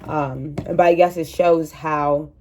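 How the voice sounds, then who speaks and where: A woman's voice: deep voice, steady tone, takes it slowly, dark tone, a little hiss or hum. A woman in her twenties with a cold, rambling casually and self-mockingly to her viewers, recorded at home on the camera's own mic. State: sick with a cold. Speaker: vlogger. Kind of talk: casual chatty vlog. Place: at home indoors. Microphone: camera mic, no microphone.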